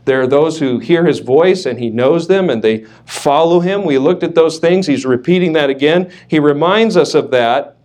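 A man's voice: a little high, expressive, normal speed, few pauses, darkish tone. A man preaching a sermon as pastor, emphatic, leaning on repeated words, with light joking asides.

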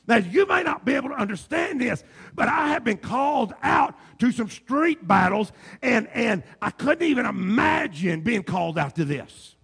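A man preaching a sermon with a big, booming voice that rides high and swings wildly in pitch. The tone is rough and gravelly and very hoarse throughout. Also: big pitch swings, normal speed. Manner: shouting preacher, swings from loud to low asides. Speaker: pastor.

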